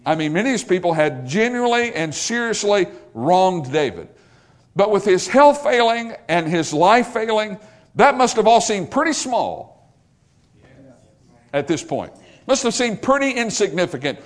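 Male preacher mid-sermon: high-pitched, hugely animated delivery, repeating phrases and dropping to a hush. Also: moderate pace. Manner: emphatic and repetitive, swinging from loud to hushed.

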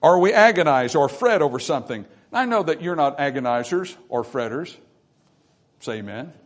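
A man delivers a sermon in a church, with a fairly high voice for a man. He drops to near-hushed asides, then builds to loud, emphatic declarations. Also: lively intonation, moderate pace. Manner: preaching with wide swings from hushed to emphatic. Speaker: pastor. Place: church sanctuary.

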